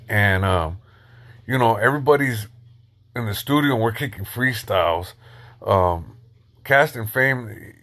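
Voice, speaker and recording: Man telling a story in street slang. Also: on the low side. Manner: loose street slang, many fillers, shouts out viewers. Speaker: live stream host telling a story. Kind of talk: casual storytelling on a live stream.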